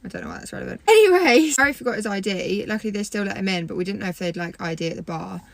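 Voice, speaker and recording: Woman, twenties, rapid animated story-time creator. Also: medium pitch, vocal fry. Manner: animated, swears freely, fast storytelling. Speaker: social media creator.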